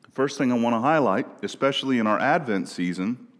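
A man from Minnesota preaching a sermon in a conversational way, often asking "right?" and moving between quiet and loud passages. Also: mid-range voice, lively intonation, fairly quick. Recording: long reverb of a large room.

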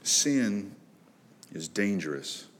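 A man with a somewhat low voice preaches a sermon. He speaks with earnest conviction, climbing to loud pleas and sinking to hushed, heavy lines. His voice rings with the long reverb of a large hall. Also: big pitch swings, extremely slow. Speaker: pastor.

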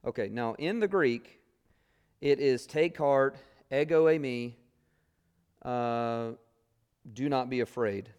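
A man leads a Bible class, reading passages aloud and then talking through them with frequent "uh"s and restarts. His voice is smooth and resonant, with a middle pitch and a relaxed, conversational delivery. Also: slow pace, long pauses. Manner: conversational, many fillers, reads scripture aloud then explains. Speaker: Bible teacher.

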